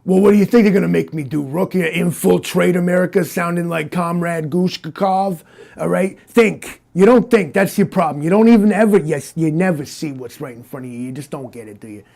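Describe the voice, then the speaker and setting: A man voicing a brash Soviet cyborg who poses as a tough big-city detective, talking in a gruff, condescending way. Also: high voice, a little fast, a little mellow. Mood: scolding. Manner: boastful, condescending, tough-guy talk. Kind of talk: improvised comic interview.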